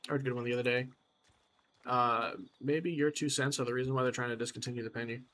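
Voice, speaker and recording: Man, gaming commentary, wry, chatty, mid-pitched voice, faint background hiss. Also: steady tone, fast talker, fairly bright tone. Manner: chatty, wry, talks to himself while exploring. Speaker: gamer. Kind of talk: let's play commentary.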